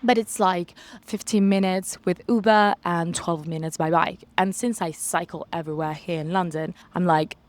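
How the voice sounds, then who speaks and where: A young woman telling a story in a casual vlog, animated, acting out her own quotes. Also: fairly low pitch, moderate pace, hardly any pauses. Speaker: vlogger. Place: home in London.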